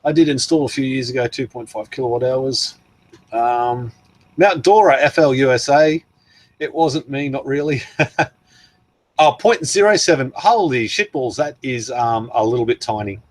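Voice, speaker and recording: A man's voice: mid-range voice, normal speed, dry recording. Chatty Australian man on a livestream. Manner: chatty and rambling, laughs often, answers viewer chat. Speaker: livestream host. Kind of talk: casual livestream chat reading comments.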